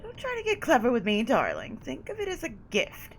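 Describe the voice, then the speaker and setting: A woman's voice: a little high, wildly swooping pitch, fairly quick, soft background music, rough recording. A woman voicing a haughty, condescending female vampire sire, reading game dialogue aloud with drawled endearments.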